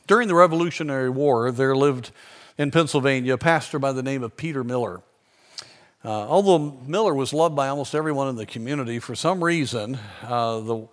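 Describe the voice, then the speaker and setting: A man preaching a sermon, telling a story in an earnest way and slowing down for emphasis. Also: medium pitch.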